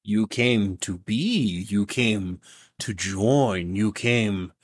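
A man voicing a creepy old robed man in a tabletop game, speaking in a dry voice with slow, drawn-out coaxing. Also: on the low side, slight background noise. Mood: menacing coaxing. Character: creepy old male robed bar patron.

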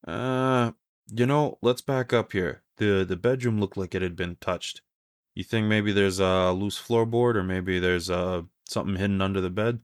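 A man's voice: sits low, fairly even intonation, normal speed, dry recording, clean studio sound. A man playing a tabletop game, thinking aloud in a rambling, casual way. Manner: thoughtful, rambling. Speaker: player.

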